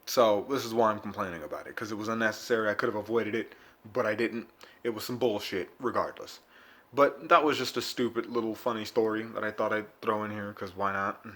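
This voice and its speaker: A young man vlogging, telling a rambling, profane story in a casual monologue with sudden loud bursts. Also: fairly low pitch, a little fast.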